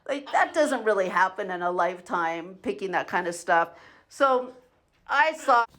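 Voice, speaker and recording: A woman's voice: a little high, a bit bright. A middle-aged woman venting in a personal video diary, profane and sarcastic as she rants. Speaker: vlogger. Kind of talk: angry personal venting monologue. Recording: faint background noise and clicks.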